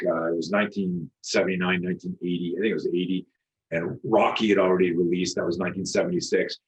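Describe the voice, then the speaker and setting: Man, 60s, podcast guest. Low-ish, animated, profane storyteller. Muffled lo-fi recording. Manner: animated, profane, acts out quoted voices. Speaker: podcast guest, self-defense instructor. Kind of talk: storytelling interview talk. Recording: dull lo-fi recording.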